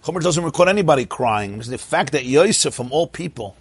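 A man giving a Torah class as a rabbi, lively and questioning, with mock-cheerful asides. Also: a little high, fairly quick, slightly rough.

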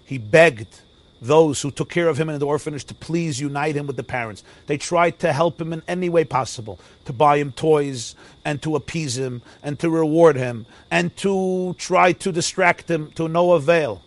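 A man, a rabbi, preaching a sermon through a story, dramatic and swinging between loud and hushed, with Hebrew and Yiddish phrases mixed in, recorded outdoors near a forest. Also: a little high, moderate pace.

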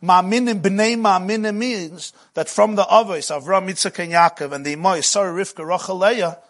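A man's voice: sits high, moderate pace, a bit bright. A middle-aged man giving a spiritual lecture as a Jewish teacher, with rhythmic, repetitive phrasing that often builds with passion.

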